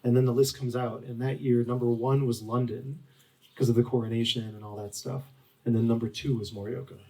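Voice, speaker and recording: A man's voice: medium pitch, little pitch movement, a little fast, mellow, distant mic, poor audio. A man in his forties, an author guest at a bookstore event, telling stories in a rambling way full of "like" and restarts. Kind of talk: storytelling at a live book talk.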